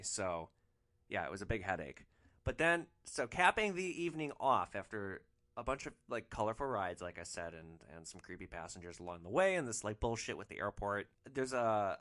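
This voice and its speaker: Brief: man, casual storyteller host, lively swinging pitch, bright forward voice. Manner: animated, swearing, frequent "like" fillers. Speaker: rideshare driver podcast host.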